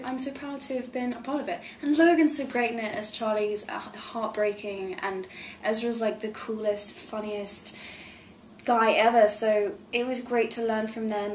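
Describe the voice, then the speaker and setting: A woman's voice: mid-range voice, a little hiss or hum. A young woman in her twenties, an actress chatting animatedly in an interview, laughing often and filling her talk with "like". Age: 20s. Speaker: actress guest. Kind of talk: casual interview chat. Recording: roomy echo.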